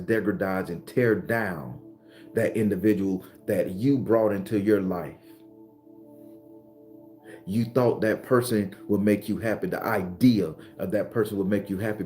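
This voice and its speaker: A man with a Southern accent gives an emphatic, earthy spiritual talk, hammering his points home through repetition. His voice sits low and mellow. The sound carries the echo of a roomy space. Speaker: spiritual teacher.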